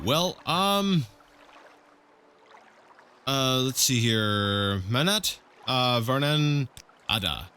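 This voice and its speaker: A man's voice: medium pitch, expressive, drawn-out words, long pauses, pushed and bright, smooth. A man casually commenting on a video game as he plays, rambling and thinking aloud with many fillers and restarts. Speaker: let's play host.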